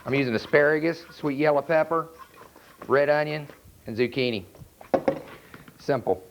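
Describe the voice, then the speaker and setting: A man with a North Carolina accent, a chef talking through a cooking demonstration in a relaxed, plainspoken way. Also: on the high side, moderate pace, creaky, noisy background. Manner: relaxed, plainspoken, step-by-step instruction. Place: outdoor charcoal grill by a house. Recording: dull lo-fi VHS recording.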